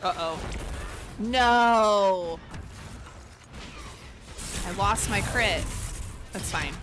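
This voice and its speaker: A woman's voice: mid-range voice, very slow, over music. A young woman streaming a video game, chatting casually, laughing at herself and talking to herself. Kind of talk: casual gameplay commentary.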